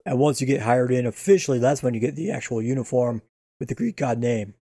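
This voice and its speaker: A man's voice: mid-range voice, fast, warm tone, no echo, clean studio sound. A man co-hosting a casual chat about an old TV episode, laid-back and crude, laughing as he talks.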